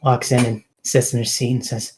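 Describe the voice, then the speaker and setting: A man narrating as game master at a tabletop game, unhurried, with filler words. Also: medium pitch, little pitch movement, a little hiss or hum, rough recording.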